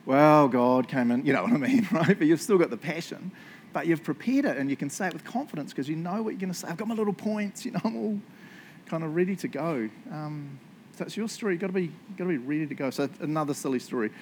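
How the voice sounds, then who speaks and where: A man's voice: on the high side, animated, fast talker, a little mellow, slight background noise. A man, a youth church leader giving a casual, chatty teaching talk full of asides and fillers.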